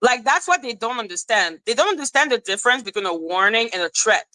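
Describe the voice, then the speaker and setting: Profane, ranting woman with a bright voice. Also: on the high side, lively intonation, quick pace, few pauses, low-quality recording. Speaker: livestream commentator. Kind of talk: casual livestream rant.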